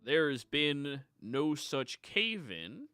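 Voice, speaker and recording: A man voicing a calm, officious Furbolg overseer in a tabletop game who speaks slowly to settle a crowd. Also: fairly high pitch, smooth, no echo, exaggerated voice. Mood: placating. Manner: slow, measured, placating.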